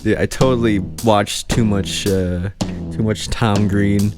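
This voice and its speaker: A man's voice: on the low side, steady tone, takes it slowly. A man hosting his own podcast alone, rambling in a casual, chatty way as he talks to the camera. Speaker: podcast host. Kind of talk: casual solo podcast chat. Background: music playing.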